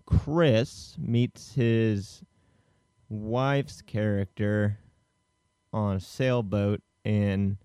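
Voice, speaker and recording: Podcast co-host, male, low mellow voice, loose rambling plot recap, close dry mic. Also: fairly even intonation, drawn-out words, clean tone, no echo. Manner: rambling, filler-heavy retelling of a film plot. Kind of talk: casual film podcast chat.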